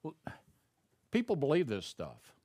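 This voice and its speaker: Pastor preaching in a dry close sound. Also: male voice, on the high side, huge pitch swings, a little slow, dry recording. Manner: conversational preaching, rising to loud emphatic peaks. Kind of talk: sermon.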